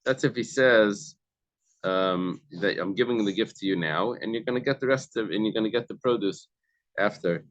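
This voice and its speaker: A man with a low voice leads a study group. He reads a passage and then explains it in plain words, pausing and restarting often. The sound is close and dry. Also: no echo. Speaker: Talmud class leader.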